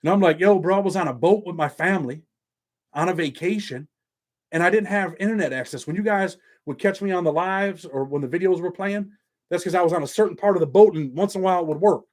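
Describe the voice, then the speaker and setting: Man, middle-aged, blunt, streetwise, swears a lot, slightly high voice, casual monologue. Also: fast, a little mellow. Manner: blunt, streetwise, profane and conversational. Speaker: YouTube channel host.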